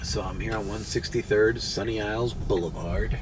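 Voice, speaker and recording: A man's voice: fairly low pitch, fairly even intonation, normal speed. A man vlogging casually while driving rideshare, rambling and swearing freely. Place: inside a car on city streets. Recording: noisy car cabin. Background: car and road noise.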